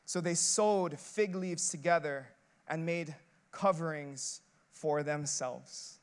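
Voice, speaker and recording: A man with a notably high speaking voice delivers a sermon as an associate pastor. He preaches conversationally and emphatically, leaning on rhetorical questions and stacking short repeated phrases. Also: takes it slowly, clean tone.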